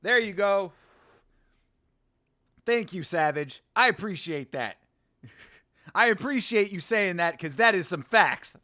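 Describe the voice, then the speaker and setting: A man hosting a casual fight watch-along, excitable and jokey. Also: high voice, slow pace, long pauses. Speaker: host.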